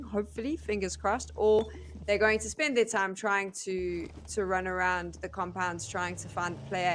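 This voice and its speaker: A woman's voice: fairly low pitch, slight background noise. A woman casting an esports match, mixing analysis with chatty, self-deprecating banter. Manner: chatty, self-deprecating, laughs at her own slips. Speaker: esports caster. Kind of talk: play-by-play and analysis commentary.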